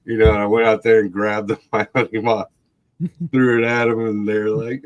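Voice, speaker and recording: A man's voice: fairly low pitch, level tone, a little slow. A man casually telling a long story, rambling with fillers, laughing often and acting out other people's voices. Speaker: livestream guest.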